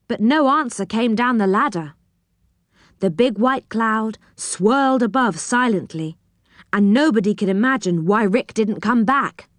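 A woman reading a children's story aloud in an expressive, animated way. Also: fairly high pitch, unhurried, no room sound, studio quality.

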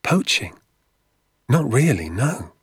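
In a storybook reading, a man does a full character voice of an earnest, anxious young boy asking eager questions, pitched above his own medium voice. He speaks slowly with big pitch swings and a slight roughness. The recording is dry, with clean studio sound.

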